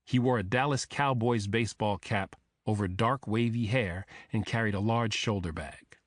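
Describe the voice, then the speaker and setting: Low-voiced man reading a thriller. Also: moderate pace, no echo, studio quality. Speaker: audiobook narrator. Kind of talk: first-person thriller narration.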